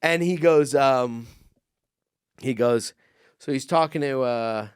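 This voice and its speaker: Smooth-voiced man telling a rowdy story. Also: mid-range voice, takes it slowly, no room sound, studio quality. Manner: animated, profane, acts out the people in his stories. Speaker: comedian podcast co-host. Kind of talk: casual comedic storytelling.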